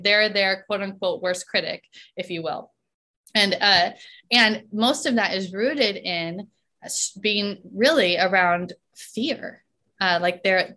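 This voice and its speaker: A woman coach talking in a relaxed podcast conversation, often checking in with "right?" and laughing between points. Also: mid-range voice.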